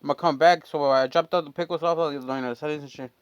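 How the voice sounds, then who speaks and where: A man's voice: on the high side, fairly even intonation, very fast, smooth, no echo, dull audio. A man telling a long, rambling, profane story from his neighborhood in a casual chat, full of fillers. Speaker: storyteller and channel host.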